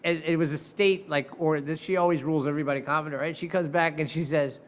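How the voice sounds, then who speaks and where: Male defense attorney, high-pitched, animated raconteur who acts out every voice he quotes. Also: fast. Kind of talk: casual storytelling.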